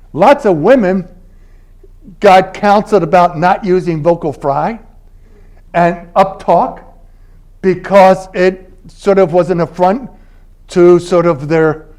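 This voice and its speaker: A man's voice: high-pitched, darkish tone. An older man from Philadelphia giving a university lecture in a conversational, anecdotal way, laughing between points. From Philadelphia, United States. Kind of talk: academic lecture. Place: university library event space.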